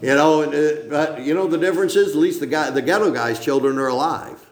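Older man, pastor mid-sermon, emphatic rambling delivery with "okay?" asides, raised pitch, roomy church sound. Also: a little fast. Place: church sanctuary.

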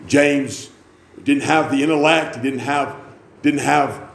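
A man preaching a revival sermon, moving from quiet storytelling to shouted, high-pitched fervor. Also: fairly even intonation, takes it slowly, creaky. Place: church. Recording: echoey church room.

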